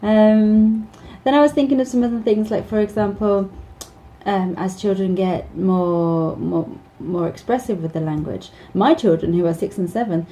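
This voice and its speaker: A woman's voice: mid-range voice, normal speed, warm tone, poor audio. A woman in her thirties, an English teacher, gives casual advice with many ums, restarts and small laughs.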